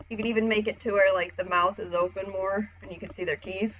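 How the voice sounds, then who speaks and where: Casual female art tutor, bright tone, slightly muffled lo-fi mic. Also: medium pitch, fairly even intonation, fast talker, few pauses. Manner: chatty, casual, swears, acts out voices.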